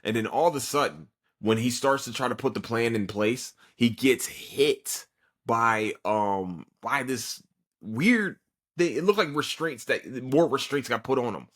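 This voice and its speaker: A man's voice: mid-range voice, lively intonation, measured pace, a bit bright. A man hosting a podcast, giving a casual, profane, rambling recap of an anime episode with frequent restarts. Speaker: podcast host.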